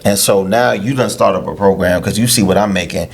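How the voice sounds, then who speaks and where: A man, a youth lacrosse coach, explaining things in a casual interview with drawn-out hesitations. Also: sits low, vocal fry, husky. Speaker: head coach of a youth lacrosse team, podcast guest.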